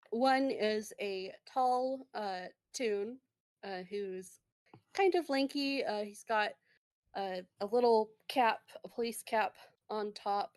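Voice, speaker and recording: A woman narrating as game master of a tabletop game, hesitant and full of fillers. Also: mid-range voice.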